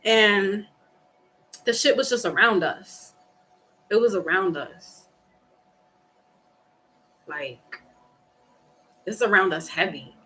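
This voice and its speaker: A woman hosting a livestream reading, talking casually to her viewers about grief and acting out past conversations in lively voices. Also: mid-range voice, slow pace, long pauses. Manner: talks through grief, quoting herself and a friend in animated voices. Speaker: tarot reader on a livestream. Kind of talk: casual chat with live viewers.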